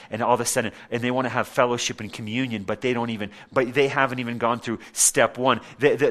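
Emphatic preaching man, low voice. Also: a bit bright. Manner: emphatic, repetitive preaching with rhetorical questions. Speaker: pastor. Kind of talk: sermon.

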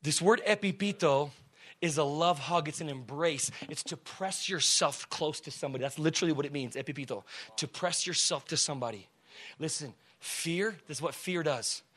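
High-voiced, fiery male preacher. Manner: energetic, swings from shouting to hushed talk; slangy and conversational, asks the crowd questions. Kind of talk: sermon. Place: church before a congregation.

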